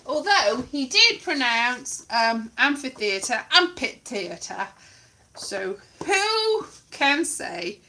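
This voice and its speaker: A woman with a high, bright voice talks unhurriedly through a casual comedy set from home. She rambles and mocks herself as she leafs through books and reads from them. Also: big pitch swings, takes it slowly, few pauses. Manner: rambling and self-mocking, reading aloud from books. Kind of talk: casual improvised chat. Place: home, virtual show.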